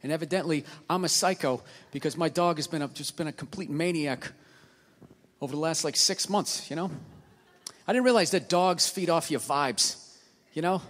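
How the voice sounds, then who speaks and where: A man doing a stand-up comedy routine on a theater stage, ranting and swearing, swinging from mutters to shouts. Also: a little high, moderate pace. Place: large theater stage with live audience. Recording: live hall with audience.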